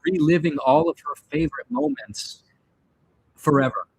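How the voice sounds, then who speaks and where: A man's voice: on the high side, sing-song, normal speed, gravelly, husky. Rambling, reflective man telling stories. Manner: rambling, reflective, many fillers and restarts. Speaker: vlogger answering viewer questions. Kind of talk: casual storytelling monologue.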